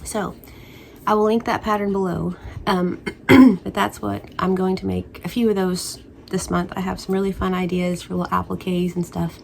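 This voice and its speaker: A woman's voice: fairly low pitch, flat delivery, normal speed, creaky, slight background noise. A woman crochet vlogger chatting casually at home, rambling and playful with spooky asides. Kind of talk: casual chat.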